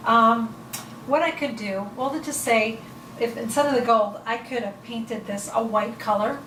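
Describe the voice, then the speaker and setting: A woman's voice: fairly high pitch, moderate pace, a bit bright, reverberant, distant mic, a little hiss or hum, poor audio. A woman casually explaining how to accent painted furniture, rambling with fillers and correcting herself as she shows pieces at home. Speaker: home decorating vlogger.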